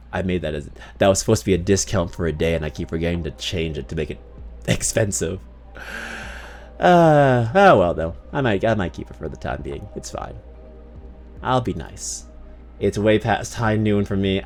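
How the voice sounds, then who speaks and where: Lively low-voiced male streamer, rambling. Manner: rambling, profane, lots of restarts. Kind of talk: casual game-stream chat.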